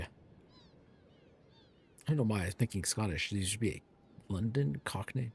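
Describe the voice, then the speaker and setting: A male streamer chats casually through his gameplay and reads the game's dialogue aloud. His voice is low and husky and moves in a lively way. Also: normal speed, pauses often. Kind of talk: gameplay commentary.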